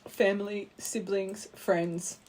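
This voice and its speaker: A woman giving a tarot card reading to her viewers, speaking gently and heartfelt and calling her listeners her angels. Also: medium pitch, flat delivery, takes it slowly, slight background noise. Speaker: tarot reader.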